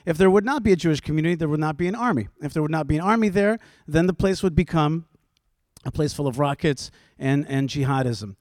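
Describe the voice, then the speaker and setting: Man, panel speaker, fairly high voice, forceful, rhetorical questions, "uh" fillers, dry close sound. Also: fast talker, no room sound. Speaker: panelist, rabbi. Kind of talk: impassioned panel argument. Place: stage before a live audience.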